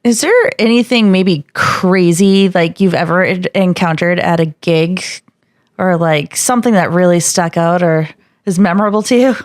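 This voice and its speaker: A woman's voice: fairly low pitch, normal speed, dry recording. A woman co-hosting a podcast in a studio, chatty and laughing along with her guest. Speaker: co-host. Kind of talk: casual chat.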